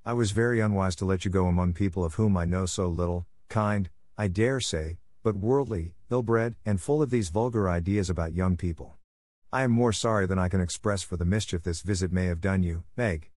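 A gentle, grave mother from a classic storybook , voiced by a man reading. The voice sits low and calm, recorded dry and close. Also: fairly quick, dry recording, close to an everyday voice.

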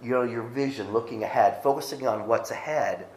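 A man's voice: mid-range voice, a little fast, a little mellow, echoey room, low-quality recording. A middle-aged male pastor giving a sermon, reading scripture aloud and speaking conversationally with frequent restarts.

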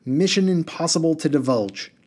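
A man's voice: mid-range voice, moderate pace, a little mellow, close to an everyday voice. A man voicing a small, cross, blue-bearded male water genie who rattles off strings of stock phrases. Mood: sulky.

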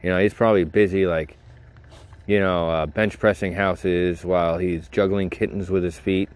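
A man's voice: low voice, steady tone, moderate pace, smooth, no room sound. A man hosting his own podcast in a casual solo monologue, rambling and joking at his own expense. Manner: rambling, self-deprecating, jokey. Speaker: podcast host.

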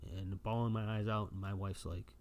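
A man's voice: low voice, moderate pace, vocal fry, a little hiss or hum. A man talking casually to camera as an enthusiastic comic fan, rambling with lots of fillers and restarts. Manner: excited fanboy, many fillers and restarts. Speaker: vlogger and comic collector.

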